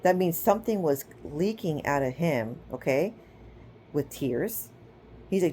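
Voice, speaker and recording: A woman's voice: low voice, expressive, normal speed, dark tone, slight background noise. A woman giving a casual spiritual teaching, chatty and informal, who retells scripture stories with acted-out quotes and keeps checking in with her listeners. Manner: chatty, checks in with "okay?" and "right?".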